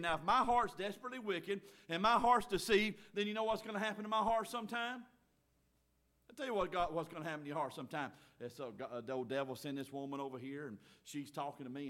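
A man preaching a sermon as pastor, folksy, moving from quiet asides to loud shouting. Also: fairly high pitch.

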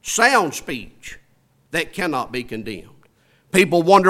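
A man with a Southern US accent preaching a sermon, calling for amens and building to loud, slowed-down emphasis before dropping back low and soft. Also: big pitch swings. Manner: call-and-response preaching, asks for amens; swells loud and slows for emphasis, drops low and soft after. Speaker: pastor.

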